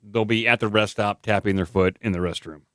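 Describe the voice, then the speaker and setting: A man co-hosting a comedy podcast with wry, quick quips. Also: lowish voice, steady tone, a bit bright, no room sound, studio quality. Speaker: podcast co-host. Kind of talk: casual comedy chat.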